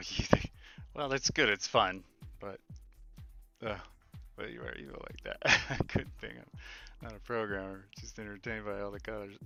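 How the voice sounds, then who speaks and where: Slow, gravelly man talking through code. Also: fairly low pitch, sharp tone. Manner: thinks aloud, mutters, jokes with chat. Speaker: game developer streaming his work. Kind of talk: casual live coding commentary, chatting with viewers.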